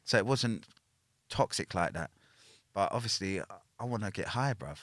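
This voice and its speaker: A man with a voice on the low side tells a story as a podcast guest, animated and at normal speed with a fairly bright tone. A former prisoner, he talks casually, packing in slang and tags like "yeah?" and "innit"; the recording is studio quality with no echo.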